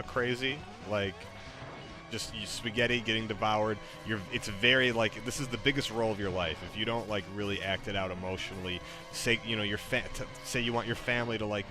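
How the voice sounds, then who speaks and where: A man's voice: fairly low pitch, steady tone, brisk, music in the background. A man streaming, giving rambling, filler-heavy casual instructions. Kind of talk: casual chat.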